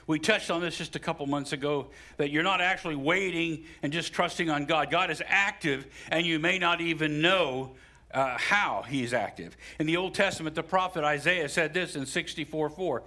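Bright-voiced male pastor preaching. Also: fairly high pitch, moderate pace. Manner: animated preaching with sudden rises for emphasis and asides to the congregation. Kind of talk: sermon.

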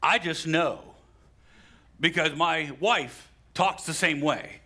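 A middle-aged man delivers a sermon in a bright, ringing voice that sits a little high for a man. He preaches with animation, pushing his voice up for emphasis and turning to the congregation with asides. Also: slow pace. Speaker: pastor.

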